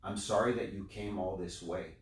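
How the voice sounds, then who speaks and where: A man telling a story plays a very old, poor scholar who talks in a soft, quiet, calm way. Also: deep voice, moderate pace, lightly acted. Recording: roomy sound, distant mic.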